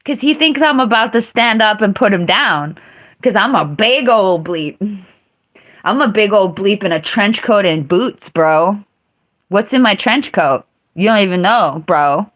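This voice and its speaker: Female streamer, unhurried, blunt and profane storyteller. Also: medium pitch, expressive, fairly bright tone. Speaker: live streamer. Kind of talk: casual storytelling.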